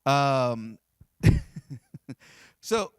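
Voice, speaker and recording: A man's voice: mid-range voice, big pitch swings, extremely slow, clear, resonant tone, dry recording. Young man, podcast host, casual interview, enthusiastic, chatty, dry sound.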